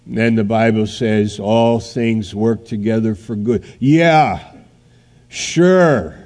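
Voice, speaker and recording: A man preaching a sermon, telling a story in a halting way and then building to loud, emphatic outbursts. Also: lowish voice, monotone.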